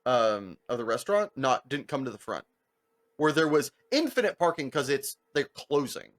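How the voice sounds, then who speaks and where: A young man telling stories on a podcast in a casual, animated way, with heavy swearing, lots of filler words and acted-out voices of the people in his stories. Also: medium pitch, moderate pace. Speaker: podcast co-host. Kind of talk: casual storytelling chat.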